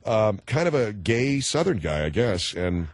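Rambling male radio host, low voice. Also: big pitch swings, dry recording, clean studio sound. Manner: rambling, halting with many fillers and restarts; jokey, breaks into mocking voices. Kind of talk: talk radio chat with callers.

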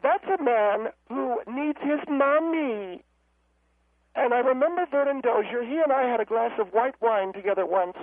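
A man voicing a haughty, combative older woman caller who mocks everyone in a cracking falsetto, heard over a phone line. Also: normal speed, dry recording. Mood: snippy. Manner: snippy, mocking, combative. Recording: dry tinny phone line.

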